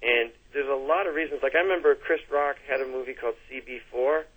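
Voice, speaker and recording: A middle-aged man with a Canadian accent tells stories as an interview guest, circling back and restarting as he goes. His voice sits at an ordinary pitch. It comes through a tinny, phone-like line. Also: quick pace, slightly rough. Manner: chatty storyteller, restarts and fillers, laughs easily. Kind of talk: casual interview chat.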